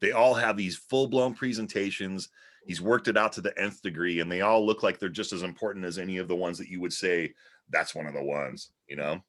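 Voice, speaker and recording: A man's voice: deep voice, steady tone, brisk, fairly bright tone. A man chatting casually and enthusiastically about magic he admires.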